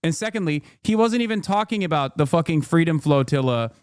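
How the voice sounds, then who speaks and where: A male streamer ranting through casual reaction commentary, animated and profane, rambling as he goes. His voice sits fairly high and is recorded close and dry, with no room around it. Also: a little fast, clean tone, no room sound. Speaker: streamer host.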